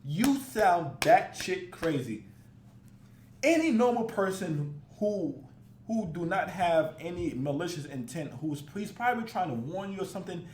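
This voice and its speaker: Guy doing a reaction vid, high lively voice, mocking n cussing a lot, roomy echo. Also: unhurried. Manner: animated, mocking, swears freely. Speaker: reaction video host. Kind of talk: casual reaction commentary.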